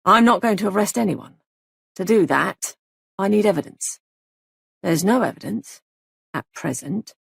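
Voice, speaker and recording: A woman voicing a calm male police sergeant who speaks quietly and evenly. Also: medium pitch, no echo, clean studio sound, exaggerated voice. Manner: quiet, measured, smooth.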